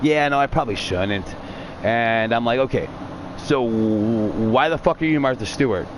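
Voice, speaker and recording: A man's voice: mid-range voice, moderate pace, noisy background. A young man casually telling a long personal story, rambling, swearing a lot. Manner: profane, rambling, animated retelling.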